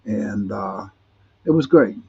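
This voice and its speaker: A man's voice: on the low side, lively intonation, slow pace, gravelly, darkish tone, husky. A man hosting a live podcast, rambling and friendly with lots of fillers and restarts. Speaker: podcast host. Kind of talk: live-stream podcast chat. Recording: dull lo-fi streamed audio.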